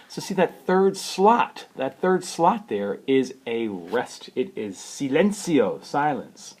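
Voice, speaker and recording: A man giving a spoken piano lesson, unhurried and thoughtful, who sings rhythms and counts beats aloud. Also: mid-range voice, big pitch swings, darkish tone. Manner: unhurried, thoughtful, with many fillers. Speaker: piano teacher.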